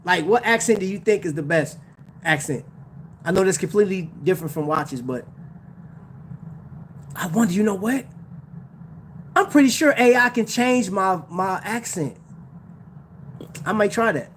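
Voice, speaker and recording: Man, high voice, slangy, laid-back livestream chat, laughs a lot, faint background noise. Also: lively intonation, normal speed, long pauses. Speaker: watch channel host.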